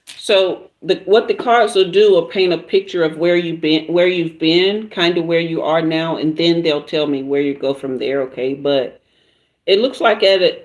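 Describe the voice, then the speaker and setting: Slow, relaxed Southern woman reading tarot. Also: low-pitched. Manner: relaxed, chatty, drawn-out pauses. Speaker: tarot reader livestream host. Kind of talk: casual livestream chat and tarot reading.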